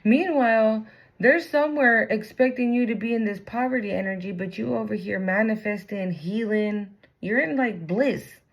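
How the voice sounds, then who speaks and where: A woman's voice: on the high side, moderate pace, low-quality recording. A woman giving a casual tarot reading, blunt and profane, full of slang. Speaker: tarot reader.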